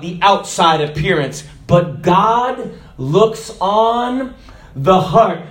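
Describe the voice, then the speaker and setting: A man preaching a sermon, telling jokes and stories, with sudden shouted lines. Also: high voice. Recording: echoey room.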